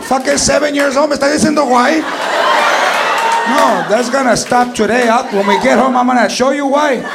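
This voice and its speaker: A man's voice: high-pitched, very noisy. A man impersonating a strict, threatening Mexican mother who scolds her son, mixing in Spanish words, in a stand-up set. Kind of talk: stand-up impression. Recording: live club with loud crowd. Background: loud audience laughter.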